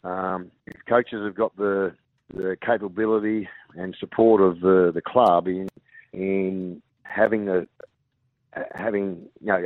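An Australian man, a rugby league coach, talking haltingly with many fillers and restarts in a radio interview over the phone. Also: deep voice, no room sound. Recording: tinny phone line.

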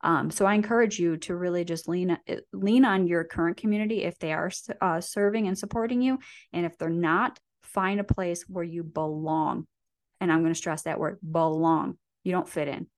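A woman with a fairly low voice speaks as a guest in a motivational conversation. She coaches the listener directly and keeps checking in with "right?" and "you know". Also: brisk. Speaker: podcast guest.

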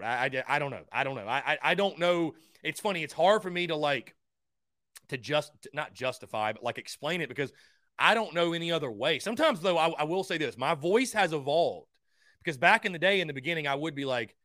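A young man hosting a call-in sports talk show, high-energy and rambling, often stumbling over his words as he gets worked up. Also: lively intonation, fairly quick, sharp tone, no echo, clean studio sound. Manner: stammering restarts. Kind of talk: call-in sports radio chat.

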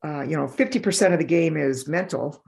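A middle-aged woman in a podcast interview, telling stories in an animated way and acting out the voices of the people in them. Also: low voice, fairly quick, vocal fry. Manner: animated, acts out voices in her anecdotes. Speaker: developmental optometrist.

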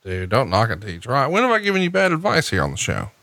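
Man, podcast host, teasing, deadpan, bright tense voice, dry close sound. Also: mid-range voice, quick pace, creaky, no echo. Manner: teasing, needling, deadpan ribbing of his co-host. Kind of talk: casual podcast banter.

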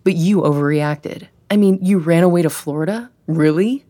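A woman reading an audiobook, voicing a smug, pushy man who keeps justifying himself in a glib, quiet way. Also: lowish voice, normal speed, dry recording, clean studio sound, lightly acted. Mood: pleading. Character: male ex-boyfriend, smug, pushy, self-justifying.

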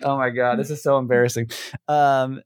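A woman co-hosting a casual podcast, telling stories in an animated way with lots of "like"s. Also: a bass voice, normal speed, smooth, no echo, studio quality. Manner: animated storyteller, many "like"s. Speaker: podcast co-host. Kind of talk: casual chat.

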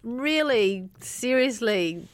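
A woman with a New Zealand accent co-hosting a podcast in casual, animated chat, often trailing off and restarting. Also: fairly high pitch, extremely slow, dry recording. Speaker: podcast co-host.

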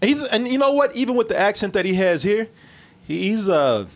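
Animated high-voiced man, laughing and cursing. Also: a little fast. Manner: animated, profane, laughing, acts out scenes. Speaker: movie review podcast co-host. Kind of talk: casual chat.

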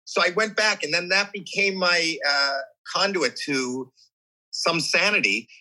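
This interview guest is a man in his sixties whose voice sits high and moves a little slowly, captured on a low-quality recording. Recounting a story candidly, he performs voices and reactions with lots of energy, frequently starting over and repeating himself.

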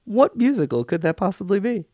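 A man co-hosting a podcast in chatty, wry conversation, his fairly high voice rising and falling. The recording is close and dry. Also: very animated, a little fast, a little mellow, no room sound. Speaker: podcast co-host. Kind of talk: casual chat.

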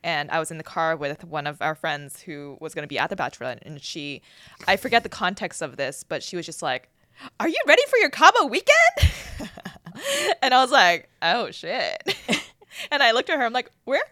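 Lively low-voiced woman chatting. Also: brisk, no room sound, clean studio sound. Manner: expressive, laughs while telling stories. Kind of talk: casual chat.

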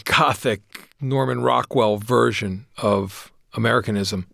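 A man, the creator of a series, talking as a guest in an interview, an animated storyteller who laughs often. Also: medium pitch, creaky, dry recording, studio quality. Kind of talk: interview conversation.

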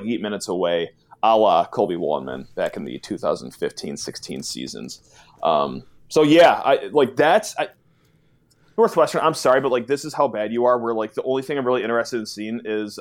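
Animated joking man co-hosting. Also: fairly low pitch. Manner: jokey, animated storytelling. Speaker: co-host. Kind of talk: casual sports chat.

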